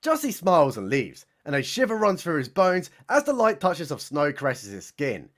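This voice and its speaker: A man's voice: a little high, wildly swooping pitch, moderate pace, fairly bright tone. A man narrating a satirical story in a sarcastic, mocking, theatrical way. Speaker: comedy narrator. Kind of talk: mock-dramatic satirical storytelling.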